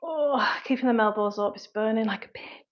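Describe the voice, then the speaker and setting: A woman with a Mancunian-Lancashire accent coaches her viewers through a live workout, chatting and sighing as she goes. She sounds winded from the effort, and her voice sits a little high. The stream audio is dull and lo-fi. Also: fairly quick. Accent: Mancunian-Lancashire English. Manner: chatty, puffing and sighing between sets. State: out of breath from exercise. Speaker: personal trainer and online fitness coach.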